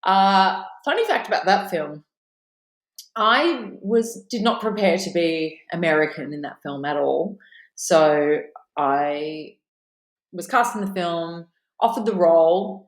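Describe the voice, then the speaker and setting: An Australian woman with a fairly low voice tells stories as a podcast guest, animated and playing out quoted lines. Her voice carries the echo of a roomy space. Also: a little slow. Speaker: actress, guest. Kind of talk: casual interview, anecdote telling.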